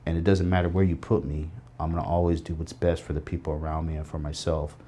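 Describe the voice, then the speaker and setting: A man's voice: extremely low pitch, flat delivery, fast talker, dark tone, a little hiss or hum. A middle-aged man speaking as an interview guest, telling his life story in an earnest, reflective way. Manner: earnest, reflective, tells stories with quoted voices.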